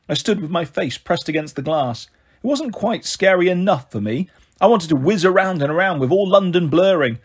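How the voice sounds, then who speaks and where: A man reading a children's novel aloud in steady first-person narration. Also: a little high, husky. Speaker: storyteller.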